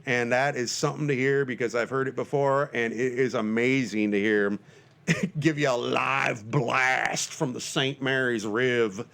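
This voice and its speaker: A man's voice: mid-range voice, steady tone, measured pace, gravelly, fairly bright tone. A man hosting his own podcast, talking in a jokey, rambling, self-deprecating way in a casual monologue. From Northern Michigan. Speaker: podcast host.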